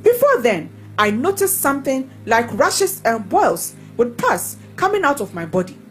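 A woman reading testimonies aloud in a lively, expressive way. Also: high voice, moderate pace, faint music behind, low-quality recording.

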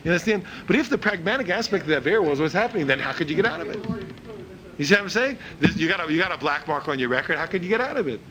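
A man's voice: lively intonation, very fast, a crowd in the background, low-quality recording. A man giving an informal religious lecture who repeats words as he searches for phrasing and acts out the people he quotes. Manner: acts out quoted speakers in a higher voice. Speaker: religious teacher.

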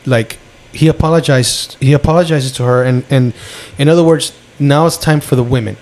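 A man co-hosting a podcast, debating a film in casual chat, animated and full of restarts. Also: mid-range voice, moderate pace. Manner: animated, argues his point with frequent restarts. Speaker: podcast co-host.

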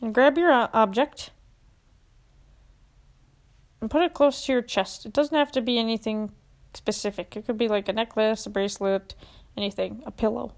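A woman's voice: on the high side, fairly even intonation, a little fast. A young woman hosting a podcast, earnestly guiding listeners through a self-help exercise and getting emotional at times. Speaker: podcast host.

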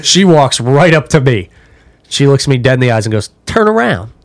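A man telling crude stories in a casual podcast chat, talking fast and laughing often. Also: medium pitch. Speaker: podcast guest. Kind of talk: casual storytelling.

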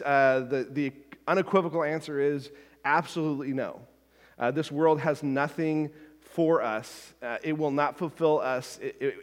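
A man's voice: on the high side, in a large hall. A man preaching a sermon as a pastor, talking conversationally with frequent asides and restarts.

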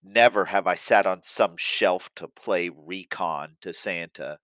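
Bitter scheming elf, snarling and mocking, read by a man, deep voice, dry sound. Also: a little slow, a bit bright, no room sound.

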